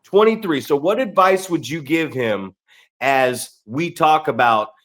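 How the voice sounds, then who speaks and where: A man's voice: fairly high pitch, animated, measured pace, a bit bright. A middle-aged man, a veteran wrestler hosting a podcast, telling profane stories and asking his guest questions. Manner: profane, storytelling, asks questions. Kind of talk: casual podcast chat.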